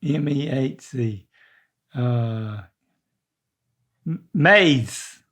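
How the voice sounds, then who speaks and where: An older man, chatting casually with his son in a slow, drawling way and stumbling over words. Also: mid-range voice, lively intonation, fairly bright tone. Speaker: co-host, father of the host. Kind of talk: casual family chat.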